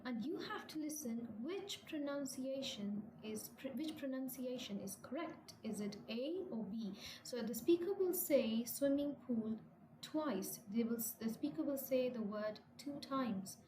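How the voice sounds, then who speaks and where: Woman teacher going over exercises, kinda high voice, keeps rephrasing stuff, roomy echo with noise behind. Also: animated, a little slow. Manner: repeats and rephrases instructions, self-corrects. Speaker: English teacher. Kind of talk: classroom lesson walkthrough. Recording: echoey room with clear noise.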